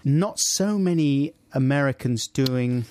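A man's voice: medium pitch, expressive, takes it slowly, darkish tone, a little hiss or hum. A British man co-hosting a comic radio show, making dry, mocking remarks and bringing in audio clips. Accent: British English. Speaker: radio and podcast co-host. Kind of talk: casual comic chat. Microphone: dry studio mic.

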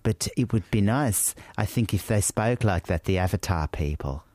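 Teasing man with a lively voice. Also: lowish voice, normal speed, no room sound. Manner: jokey, teasing, rambling asides. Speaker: radio and podcast co-host. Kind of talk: casual comedic banter.

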